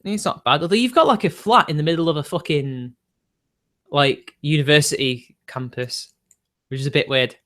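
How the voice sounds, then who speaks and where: A man's voice: on the high side, normal speed, pushed and bright. A young man, arguing defensively with his live-stream chat and laughing between points.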